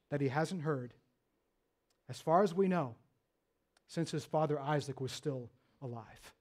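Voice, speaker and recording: A man preaching a sermon as pastor, earnest, dropping low and soft then rising with emphasis.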